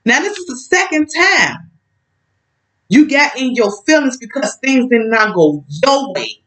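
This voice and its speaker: Outspoken woman with a lively, animated voice. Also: high voice, measured pace, poor audio. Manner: outspoken, emphatic, speaks directly to an absent ex. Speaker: vlogger telling a story. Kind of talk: storytime vlog, casual and heated.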